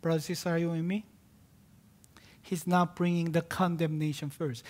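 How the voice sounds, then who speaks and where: Delivering a sermon at normal speed, a pastor uses a fairly high voice with a steady tone. He leans on repeated key words and alternates between booming, emphatic cries and hushed, almost whispered passages.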